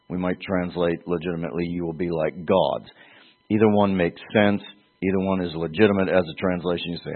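A man's voice: deep voice, moderate pace. A man preaching an expository sermon, acting out quoted voices as he teaches. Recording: phone-like narrow band.

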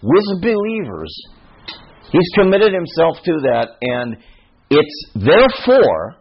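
Guy preaching a sermon, kinda husky voice, repeats himself for emphasis, dull lo-fi sound. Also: on the high side, wildly swooping pitch, slow pace. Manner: emphatic, repeats phrases, asks the listeners questions. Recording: dull lo-fi recording.

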